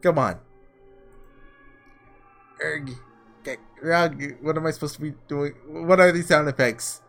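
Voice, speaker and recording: A man's voice: fairly high pitch, brisk, fairly bright tone, soft background music. A man giving rambling commentary in a game playthrough, with lots of "like" and "you know". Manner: rambling, full of "like". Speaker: let's play host.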